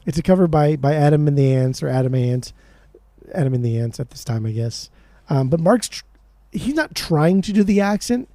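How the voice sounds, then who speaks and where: A man co-hosting a music podcast, talking in quick, excitable bursts and swearing freely. His voice sits a little high but sounds mellow and warm. The recording is dry and close. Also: dry recording. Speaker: podcast co-host. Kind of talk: casual chat about music.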